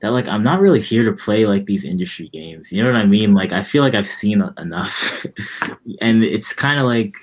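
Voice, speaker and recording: A young man in his twenties, a musician guest in a casual interview, talking in a relaxed, rambling way with lots of fillers. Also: on the low side, moderate pace.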